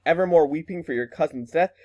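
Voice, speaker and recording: A man reading the lines of a stern, scheming noble mother from a play, his pitch raised a little. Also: fast talker, darkish tone, lightly acted.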